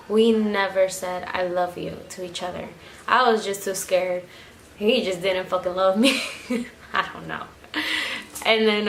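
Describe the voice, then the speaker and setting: A young woman vlogger casually recounting a story, swearing freely and acting out quotes, recorded on a camera mic at home. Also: medium pitch. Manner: swears freely, animated retelling with acted quotes. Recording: echoey room, faint background noise.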